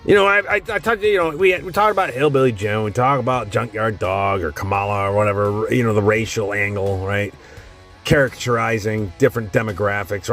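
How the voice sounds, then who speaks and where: A man's voice: lowish voice, animated, normal speed, fairly bright tone, soft background music. A man hosting a tier-list video, talking casually and bluntly, rambling and cursing constantly as he ranks old wrestling gimmicks. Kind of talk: casual profane commentary.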